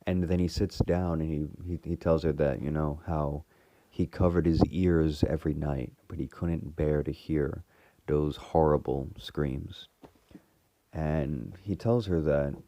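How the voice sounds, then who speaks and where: Low, dark-voiced man rambling through a recap. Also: steady tone, measured pace, dry recording. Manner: rambling, full of fillers and restarts. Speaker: fan reviewer retelling a TV episode.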